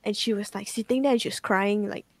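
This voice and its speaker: A young woman rambles through a ghost story on a game stream. She fills every pause with "like" and swears casually. Her pitch sits mid-range, and the sound is dry and close. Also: steady tone, dry recording. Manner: rambling, full of "like" fillers and swearing.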